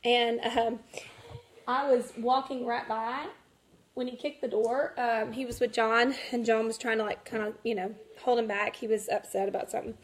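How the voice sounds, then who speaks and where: A woman's voice: a little high, fairly even intonation, moderate pace. A woman in her thirties chatting casually to camera at home, laughing through her story with lots of fillers. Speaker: mother vlogging. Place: home, kids nearby.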